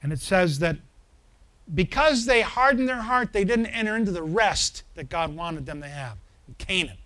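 A man with a notably high voice delivers a sermon as a pastor. He builds into emphatic, forceful swells and keeps turning to the congregation with questions to check that they are following. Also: animated, moderate pace.

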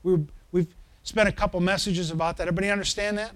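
A man's voice: high voice, fairly even intonation, fast, fairly bright tone. A man preaching a sermon as pastor, building to emphatic swells and checking in with the congregation through questions.

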